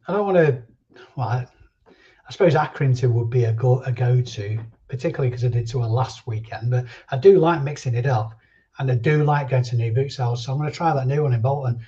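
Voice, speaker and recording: A man's voice: mid-range voice, fairly quick, dark tone. A man hosting a casual live stream chat, reading viewer comments and chatting in a rambling way. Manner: chatty, answers viewer comments and drifts between thoughts. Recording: dull lo-fi stream audio.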